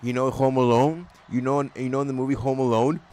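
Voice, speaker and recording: A man hosting a live hockey watch-party stream, calling plays and chatting with viewers in an excitable, rambling, joking way. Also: mid-range voice, brisk.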